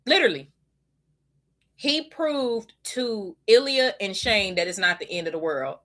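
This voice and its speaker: A woman talks from her desk at home, gushing and swearing as she tells a story. Her voice is bright and sits at a middle pitch. She breaks into loud squeals when she gets excited. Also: a little slow. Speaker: podcast host. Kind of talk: casual chat.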